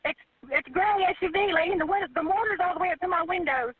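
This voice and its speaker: A woman's voice: extremely high pitch, fast, no echo. Panicked woman caller, crying and pleading, dry tinny phone recording. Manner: pleading, repeats herself, says ma'am. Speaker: 911 caller. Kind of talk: emergency phone call.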